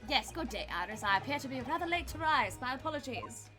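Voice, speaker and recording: A woman's voice: sits high, lively intonation, fast, over music. A woman voicing an eccentric, theatrical male detective, reading game lines in a grandiose manner. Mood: polite. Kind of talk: reading game dialogue aloud.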